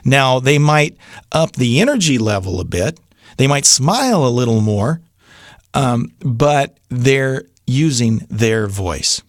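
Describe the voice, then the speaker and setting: A man's voice: medium pitch, sing-song, takes it slowly, no echo, clean studio sound. A middle-aged man coaching voiceover beginners in a casual, genuine tutorial, talking conversationally with fillers and restarts. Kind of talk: casual tutorial talk to camera.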